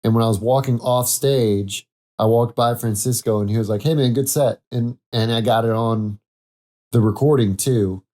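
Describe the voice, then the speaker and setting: Man, podcast host, rambling monologue, mellow dark tone, self-correcting. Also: medium pitch, fairly even intonation, moderate pace. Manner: rambling, self-correcting, laughs at own jokes. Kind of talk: casual solo podcast monologue.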